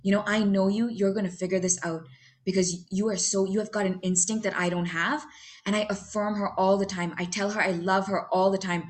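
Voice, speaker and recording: A young adult woman giving a heartfelt, halting personal testimony about her recovery, full of fillers and restarts. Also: mid-range voice, steady tone. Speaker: recovery speaker sharing her story.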